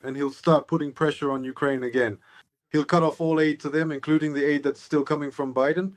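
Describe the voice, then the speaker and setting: A man's voice: fairly high pitch, level tone, a little fast, dry recording. A man giving political analysis as an interview guest, sardonic and expansive.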